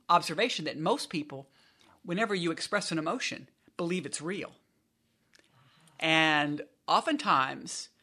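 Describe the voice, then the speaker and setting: Fairly low in pitch, her voice comes across pushed and bright. The guest is a female business school professor explaining her research in an easygoing, explanatory manner while repeatedly correcting herself mid-sentence.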